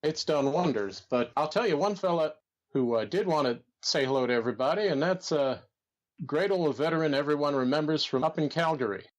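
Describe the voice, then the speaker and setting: Man playing a folksy commentator, lively pitch, hesitant. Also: brisk, lightly acted. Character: male wrestling commentator impressionist, folksy. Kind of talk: comedy podcast impression.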